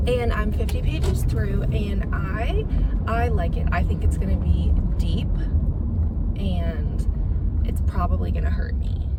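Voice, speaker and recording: A young woman chatting casually in a book vlog, rambling and filler-heavy. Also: mid-range voice. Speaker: book vlogger. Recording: loud background noise.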